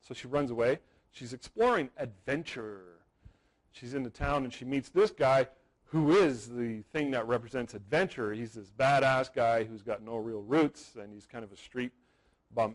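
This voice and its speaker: A man's voice: mid-range voice, poor audio. A man in his forties presenting a live seminar to an audience, telling stories, stressing points by repeating words and checking in with "okay?". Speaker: wedding photography seminar presenter.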